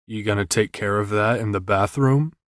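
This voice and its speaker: A man's voice: lowish voice, moderate pace, no echo, studio quality, natural voice. A man voicing a playful, curious young man who teases his partner. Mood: teasing. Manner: teasing, curious.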